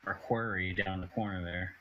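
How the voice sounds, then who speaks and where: A man's voice: deep voice, fairly even intonation, normal speed, highs cut off, slight background noise. A man playing an online tabletop game, bantering in a laid-back way with some swearing. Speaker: player. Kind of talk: casual chat during an online tabletop game.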